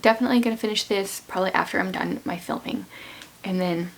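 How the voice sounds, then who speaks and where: A woman vlogger chatting casually about what she is reading, in a rambling, offhand way, while losing her voice and sounding hoarse. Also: medium pitch, fast. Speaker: book vlogger. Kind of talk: casual book chat.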